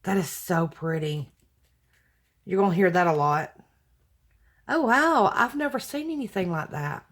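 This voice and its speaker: A woman's voice: fairly low pitch, lively intonation, a little slow, pauses often. A woman chatting casually to viewers as she unboxes craft mail, gushing and exclaiming with thanks. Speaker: craft vlogger opening mail.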